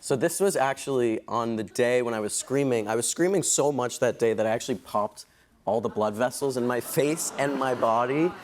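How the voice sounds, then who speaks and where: A young man as a talk-show guest, telling excitable, fast anecdotes full of "like" in a TV studio. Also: medium pitch, slight background noise. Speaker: actor guest. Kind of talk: animated talk-show storytelling. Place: TV studio with audience.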